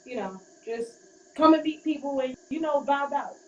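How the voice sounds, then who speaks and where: A woman rapper from Queens, New York, chatting casually in an interview with a relaxed, rambling manner and many fillers. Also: high voice, moderate pace, highs cut off. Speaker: rapper guest. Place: hotel room while getting ready. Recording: roomy, distant, faint background noise.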